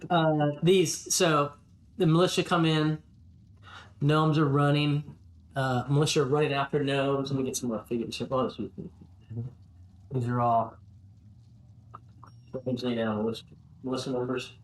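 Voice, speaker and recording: A man's voice: medium pitch, level tone, moderate pace, pauses often, echoey room. A man narrating as game master of a tabletop game, hesitant, with many ums and restarts.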